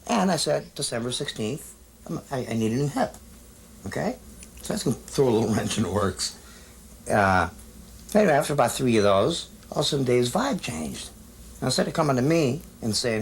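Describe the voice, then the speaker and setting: A man, a band musician, answering in a candid TV interview, halting and full of fillers and restarts. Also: medium pitch, lively intonation, gravelly, slight background noise, poor audio.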